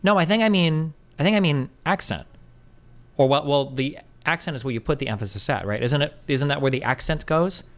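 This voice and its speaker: A man streaming live, chatting loosely with his audience and answering chat; he rambles, doubts himself out loud and swears casually. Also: fairly high pitch, fairly quick.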